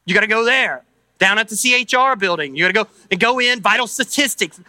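A man's voice: high-pitched, fast talker, pushed and bright, dry recording. A man preaching a sermon at a church service. He talks in a loose, conversational way, thinking aloud with asides and tag questions. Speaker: pastor.

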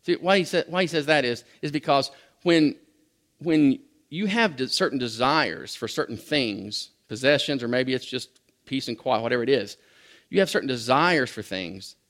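A man's voice: mid-range voice, normal speed, fairly bright tone. A middle-aged man preaching a sermon in a conversational way, with frequent restarts and small laughs. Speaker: pastor.

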